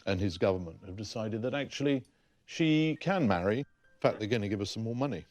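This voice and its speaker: A man explains archive documents to camera in an emphatic, explanatory way. His voice is on the lower side, with faint music in the background. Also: lively intonation, brisk, darkish tone, no room sound. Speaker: historian.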